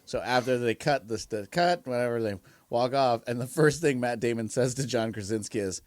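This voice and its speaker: A man's voice: mid-range voice, moderate pace, no echo. Man, podcast co-host, casual movie chat, laughs a lot, dry close sound. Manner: laughs often, animated storytelling.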